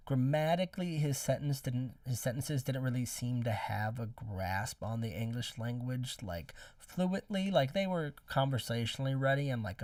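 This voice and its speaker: A man's voice: mid-range voice, a little mellow, dry recording, studio quality, distant mic. A man reviewing songs in rambling, casual commentary, swearing freely. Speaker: music reviewer streamer.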